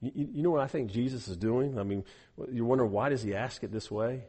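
Animated preacher with a husky voice. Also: male voice, mid-range voice, quick pace. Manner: animated, acts out quoted speakers, repeats words. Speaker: pastor. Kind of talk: sermon. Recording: echoey hall with long reverb.

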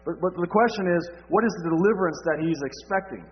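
Male pastor, slightly high voice, preaching with rhetorical questions, dull lo-fi recording. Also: fast talker. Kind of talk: sermon. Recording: dull lo-fi sound.

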